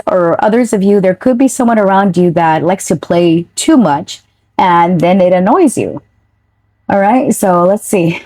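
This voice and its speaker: A woman's voice: medium pitch, warm tone, no room sound. A woman giving a casual, chatty tarot reading straight to her viewers, now and then swearing offhand. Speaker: tarot reader.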